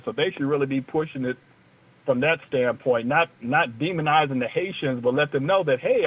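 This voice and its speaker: A man co-hosting a casual talk show, rambling in a loose, joking way. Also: fairly high pitch. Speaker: co-host. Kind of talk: casual talk-radio chat. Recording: tinny phone line.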